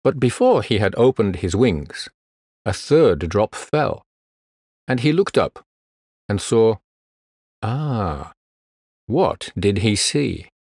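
Slow, expressive male storyteller. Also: lowish voice, no room sound, studio quality. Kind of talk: storybook narration.

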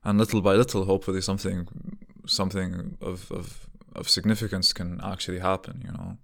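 A man's voice: sits low, flat delivery, fairly quick, creaky, fairly bright tone. A young man talking casually and reflectively to himself, rambling through rhetorical questions with frequent restarts.

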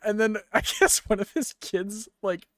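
A woman's voice: mid-range voice, measured pace, dry recording, clean studio sound. A woman co-hosting a casual streamed podcast, chatty and giggling through her anecdotes. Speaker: podcast co-host.

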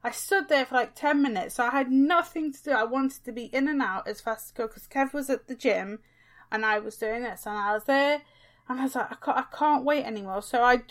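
A woman's voice: fairly high pitch, moderate pace. A woman in her twenties, a podcast co-host, telling an aggrieved story in casual chat.

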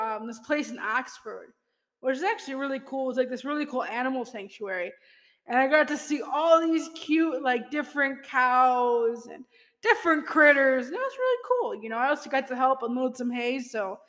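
Chatty young woman with a high voice. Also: a bit bright, long reverb tail. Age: young adult. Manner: chatty, laughs often, fillers like "like" and "you know". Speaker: podcast host. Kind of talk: casual storytelling monologue.

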